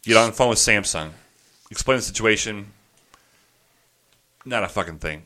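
Bright-voiced man ranting a story. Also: lowish voice, normal speed, long pauses. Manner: animated ranting with profanity, quoting people in his voice. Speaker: podcast host telling a story. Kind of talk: casual storytelling chat.

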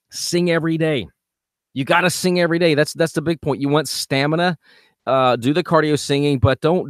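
A man's voice: medium pitch, no room sound. A man talking like a vocal coach on a podcast, upbeat and emphatic, hammering his main points home. His voice sits in an ordinary middle register. The sound is dry and close, with no room around it. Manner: energetic, emphatic, repeats key points. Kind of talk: casual podcast advice.

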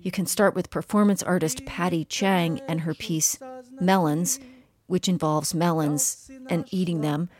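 A woman's voice: on the low side, fairly even intonation, a little slow, darkish tone. A woman podcast host reading the show's outro and announcements in a plain, friendly way.

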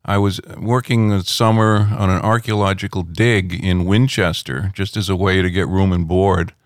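A middle-aged man, a rock critic, telling anecdotes in a relaxed interview at home, rambling with many fillers. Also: deep voice, moderate pace, no echo, clean studio sound.

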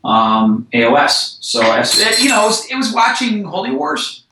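A man's voice: a little high, normal speed, background noise. Easygoing man co-hosting over a roomy call. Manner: relaxed, agreeable, hesitant fillers. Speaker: podcast co-host. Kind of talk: casual hobby chat.

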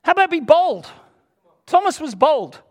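A man with a strikingly high-pitched voice preaches an earnest, emphatic sermon. He retells scripture in plain, everyday words for his congregation. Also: big pitch swings, unhurried.

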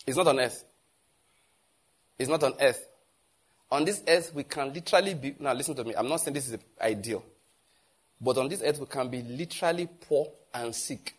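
A man with a Nigerian accent preaching a sermon, animated and asking the congregation questions. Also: medium pitch, breathy edge. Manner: animated, asks the audience questions.

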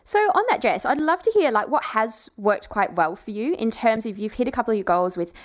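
A woman's voice: on the high side, lively intonation, brisk. A woman hosting a podcast interview, chatty and encouraging, laughing often as she asks questions. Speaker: podcast host and marketing coach. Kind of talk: casual interview chat.

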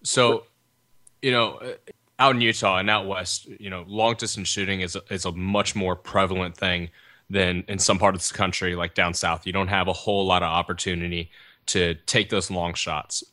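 A man hosting an archery podcast, talking in a relaxed, conversational way. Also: deep voice, normal speed, dry recording, studio quality. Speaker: podcast host. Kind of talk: casual podcast talk.

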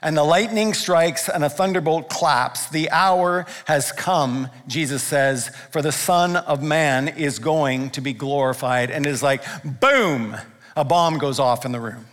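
Pastor, male, animated sermon storyteller; slightly raised voice, reverberant sanctuary sound. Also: fairly high pitch, moderate pace, hardly any pauses. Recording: long reverb of a large room.

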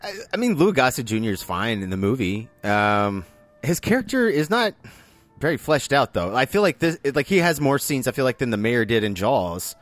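A man talks with a wildly swinging pitch, animated and often incredulous, in a relaxed movie chat. Faint music sits underneath. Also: moderate pace. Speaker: podcast co-host. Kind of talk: casual movie-review chat.

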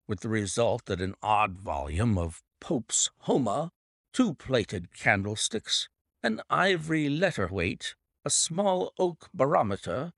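A man's voice: fairly low pitch, gravelly, no echo, clean studio sound, full character voice. A man voicing a hearty, offhand country colonel in an audiobook reading. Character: bluff, hearty country colonel, middle-aged.

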